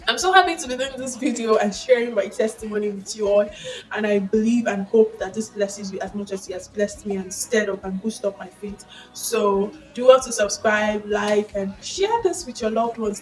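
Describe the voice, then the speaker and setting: A young woman with a Nigerian accent shares a personal testimony in a casual vlog. She tells it expressively and breaks into excited exclamations. Her voice sits a little back from the microphone over faint background music. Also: mid-range voice, normal speed, far from the mic, poor audio. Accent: Nigerian English. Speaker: vlogger sharing a faith testimony.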